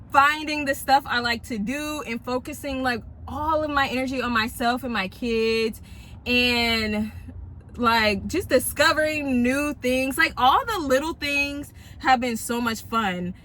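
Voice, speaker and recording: Woman vlogger, thirties, slightly high voice, rambling chatty storyteller talking from a parked car. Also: unhurried, a bit bright, a little hiss or hum. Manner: chatty, rambling storyteller who addresses viewers directly. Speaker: vlogger, single mom. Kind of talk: casual chat to viewers.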